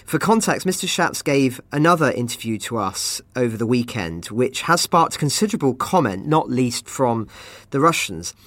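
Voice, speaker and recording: British podcast host, dry close sound. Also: male voice, medium pitch, big pitch swings, fairly bright tone, no echo. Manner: measured, partly scripted summary. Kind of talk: podcast hosting.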